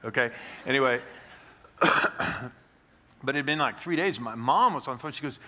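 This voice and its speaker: A middle-aged male pastor from Kansas delivers a sermon in a bright, clear voice. He keeps it conversational and folksy and slips in wry jokes. His pitch sits in the middle for a man. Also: unhurried. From Kansas, USA. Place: church sanctuary.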